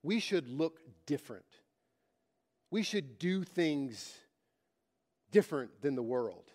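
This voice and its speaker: A man's voice: on the high side, lively intonation, takes it slowly, a little mellow. A man preaching a sermon, repeating his phrases with emphasis and telling a story to make his point. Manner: emphatic, repetitive preaching cadence.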